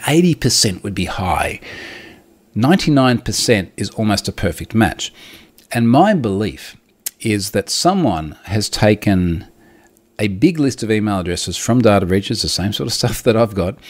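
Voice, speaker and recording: Chatty, wry man with a lowish voice. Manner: chatty and wry, laughs at himself, explains in technical detail. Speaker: host reading viewer comments. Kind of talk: casual solo chat on online security.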